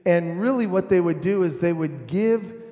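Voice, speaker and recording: A man preaching a sermon in a church sanctuary, reading scripture slowly and emphatically. His voice sits a little high, and it rings out in a roomy, echoing hall. The recording is muffled and lo-fi. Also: animated. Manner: slow, emphatic preaching with scripture readings and congregation call-and-response. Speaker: pastor.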